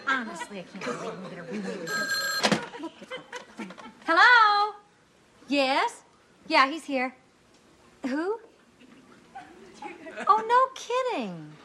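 A woman's voice: high-pitched, wildly swooping pitch, slow pace, long pauses, bright, forceful tone, full character voice. An actress playing a dry-witted young woman roommate in a sitcom, speaking in a dry, sarcastic way. The scene comes from a very noisy TV soundtrack. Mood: impatient. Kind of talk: sitcom acting.

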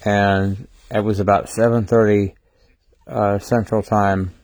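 A tired, sleep-deprived man hosting a casual livestream, talking haltingly with many fillers and restarts. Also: fairly low pitch, little pitch movement, a little mellow, no echo. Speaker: livestream host.

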